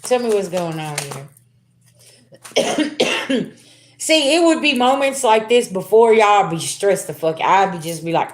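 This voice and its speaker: A woman's voice: mid-range voice, expressive, slow, pauses often. A middle-aged woman giving a casual spiritual reading to her viewers, talking to them as y'all in a chatty, laughing way. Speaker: spiritual reader. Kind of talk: casual tarot reading livestream.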